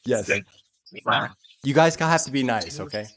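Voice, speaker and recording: Man, live stream host, playful, chatty, laughs often, soft repeated phrases. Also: medium pitch, expressive, a little slow. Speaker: livestream host running spirit sessions. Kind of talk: live casual commentary.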